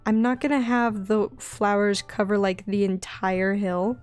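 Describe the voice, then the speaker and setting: A young woman with a light Southern accent, chatting in a bubbly, rambling way while she draws on a stream, often giggling and getting excited. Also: medium pitch, unhurried, clean tone, faint music behind. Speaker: digital artist streaming her drawing. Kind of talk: casual chatty art stream.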